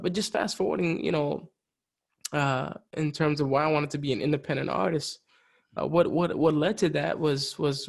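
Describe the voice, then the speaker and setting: A middle-aged musician talks casually, winding through his stories with lots of "you know" and restarts. His voice is a little high and has a gravelly fry to it. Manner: rambling storyteller, heavy fillers, frequent "you know". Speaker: podcast guest, musician. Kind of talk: casual chat.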